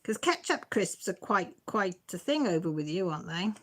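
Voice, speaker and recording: A woman's voice: lowish voice, very animated, normal speed. A middle-aged woman, hosting a casual live stream, reading comments and often breaking into giggles. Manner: giggly, self-deprecating, chatty.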